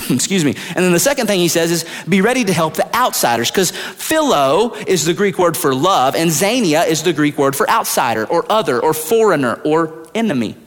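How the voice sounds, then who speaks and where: A man preaching a sermon as pastor, swinging from loud high retellings to hushed low asides. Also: very animated, normal speed. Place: large church hall. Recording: long hall reverb, at times far from the mic.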